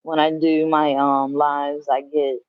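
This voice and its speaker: A woman's voice: deep voice, little pitch movement, slow, no room sound, lo-fi sound. A woman chatting casually on a livestream from home, swearing freely and laughing as she reads the chat. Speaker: livestream host. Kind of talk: casual live-stream chat.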